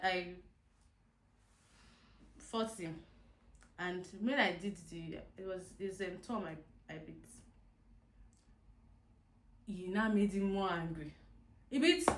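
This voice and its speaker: A young woman, telling a personal testimony in an animated way, swinging from quiet lines to loud exclamations, with many restarts and repeated words. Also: fairly low pitch, slight background noise. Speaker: vlogger telling her story. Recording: echoey room.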